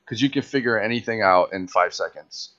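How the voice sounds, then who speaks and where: A man's voice: on the low side, brisk, a bit bright. A man in a casual podcast chat, laid-back and swearing freely. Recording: dull lo-fi podcast audio.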